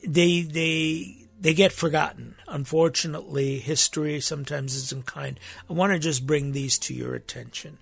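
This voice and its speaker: A man's voice: a little high, fairly even intonation, moderate pace, gravelly, hardly any pauses, husky, no room sound, soft background music. A man hosting a weekly faith program, talking reflectively and searching for his words with frequent restarts. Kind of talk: reflective spoken talk.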